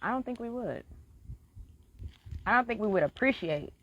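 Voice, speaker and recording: Here a woman's fairly high, expressive voice moves at a moderate pace with a slightly bright quality. Swearing freely, she delivers an earnest live-stream monologue, frankly pushing her listeners with sincere encouragement. The audio sounds dry, dull, and lo-fi.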